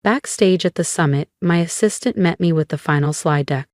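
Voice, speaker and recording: Her fairly low, darkish voice carries a first-person revenge narrative, delivered coolly with purposeful pauses. The recording is close and dry, with no room sound at all.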